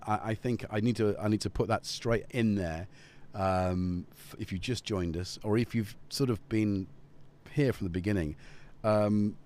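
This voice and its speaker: Speaking into a studio dynamic mic, a man with a lowish, mellow voice hosts a casual livestream. He jokes around and drifts off topic.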